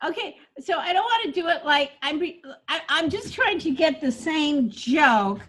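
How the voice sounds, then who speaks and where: High-voiced, energetic woman coaching. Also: moderate pace. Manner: energetic and emphatic, bursts into loud acted-out lines. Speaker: comedy writing coach. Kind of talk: coaching session with feedback on jokes.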